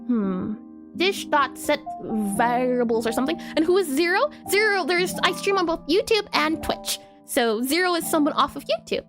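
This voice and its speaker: High, lively woman coding live. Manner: chatty, talks to herself while typing and answers chat, spells words out. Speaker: game developer live-streaming her coding. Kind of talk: casual live coding stream, thinking aloud.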